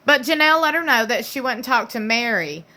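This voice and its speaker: A woman's voice: a little high, expressive, a little fast, sharp tone. A woman, casually recapping a reality show in a sassy, gossipy way full of slang and playful impressions.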